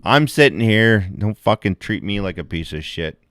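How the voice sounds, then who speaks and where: A deep-voiced man on a live stream, reacting to clips with crude, profanity-heavy chatter. The voice is close and dry. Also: expressive, moderate pace, a bit bright, smooth, dry recording. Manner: crude, heavy swearing, laughing. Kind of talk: reacting to videos, casual chat.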